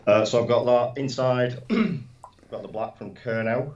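A man's voice: medium pitch, measured pace, a little mellow, highs cut off. A man co-hosting a casual live stream, chatting in a laid-back, teasing way. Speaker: co-host.

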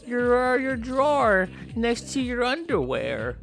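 A man voicing a frail, sweet old grandma in a high, slow, drawn-out voice. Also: big pitch swings, vocal fry, a bit bright, faint music behind, exaggerated voice.

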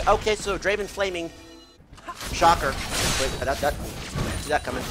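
A man streaming live esports commentary on a tournament match, profane and excitable, yelling through the fights. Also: high voice, unhurried, long pauses. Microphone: headset. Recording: game music playing behind.

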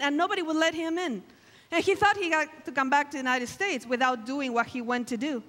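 A woman delivers an emphatic, exclamatory sermon in a high, bright voice. She speaks slowly and deliberately, bursting into lively quoted lines. Her voice rings through a large hall with a long reverb tail. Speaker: guest preacher. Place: large hall at a camp meeting.

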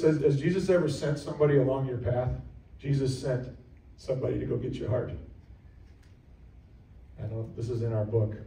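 A man's voice: medium pitch, mellow, reverberant, distant mic, rough recording. A man preaching a sermon as pastor, earnest and repetitive, now and then acting out the voices of other people. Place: church sanctuary.

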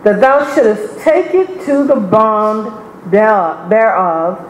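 A congregant slowly reading old-style scripture verses aloud during a sermon. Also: medium pitch, expressive. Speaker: scripture reader. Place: church. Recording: echoey church with faint noise.

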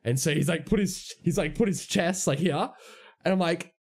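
Animated young man with a high, gravelly voice. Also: normal speed. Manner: animated, swearing, lots of fillers like "right?" and "man". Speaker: streamer. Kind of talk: casual storytime on a stream.

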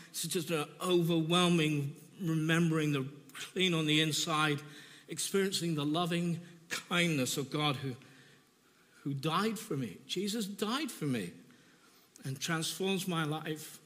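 A man preaching a sermon in a church, telling an emotional personal testimony with halting repetitions. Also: fairly high pitch, fairly bright tone. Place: church hall. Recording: reverberant church hall.

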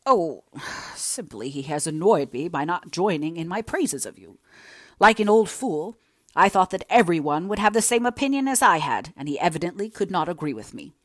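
A woman's voice: fairly low pitch, animated, moderate pace, no room sound, studio quality. A woman voicing a kindly elderly male family friend in an audiobook, speaking in a soothing, earnestly reassuring way. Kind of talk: audiobook character reading.

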